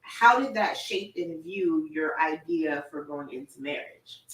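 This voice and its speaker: A woman's voice: sits low, lively intonation, a little slow, fairly bright tone. A woman hosting a podcast interview, playful and laughing as she prompts her guest. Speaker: podcast host. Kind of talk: conversational interview. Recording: echoey room, distant mic.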